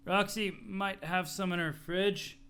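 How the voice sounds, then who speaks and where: A weary, deadpan young man, as a male reader puts him on answers in short, low, flat refusals with no energy at all. His tone stays level and cold the whole way. It comes across as a storybook reading. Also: slow, clean tone, heavily acted.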